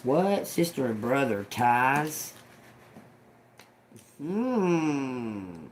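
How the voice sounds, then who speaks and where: A man doing a tarot reading, slowly sounding out words and phrases and repeating them as he tries to make sense of the messages. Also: lowish voice, a little mellow, a little hiss or hum. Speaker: tarot reader. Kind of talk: slow channeled reading.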